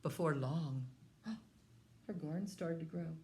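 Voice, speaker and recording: A woman who is a children's librarian, telling a story to young children at story time in a slow, sing-song way. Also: deep voice, vocal fry, mellow, slight background noise.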